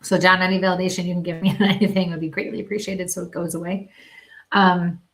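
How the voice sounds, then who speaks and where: A woman medium gives live psychic readings, speaking haltingly with many pauses and small laughs. Her voice is on the low side and her delivery is flat.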